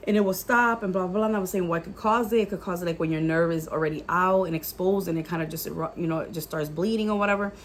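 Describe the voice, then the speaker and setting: A woman's voice: lowish voice, fairly even intonation, quick pace, few pauses, a little hiss or hum. A young adult woman telling a personal story to her viewers in a casual, chatty way, full of "like" and "guys". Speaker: YouTuber telling a personal testimony.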